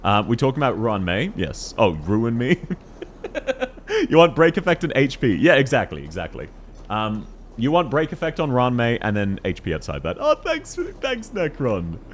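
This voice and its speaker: A man streaming a game live, chatting excitedly with viewers and giggling often. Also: mid-range voice, normal speed, a little hiss or hum. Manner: excitable, giggly, reacts to chat messages.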